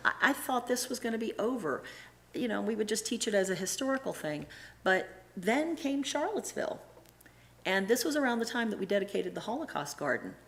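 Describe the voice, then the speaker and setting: A middle-aged woman giving a casual, animated church talk, acting out the voices of people she quotes and often restarting her sentences. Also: a little high, a little fast. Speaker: church presenter and Sunday school teacher.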